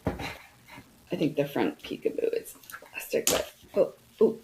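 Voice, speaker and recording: Middle-aged woman host for an unboxing chat: unhurried, chatty, talks straight to viewers. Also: background noise. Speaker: host reviewing products.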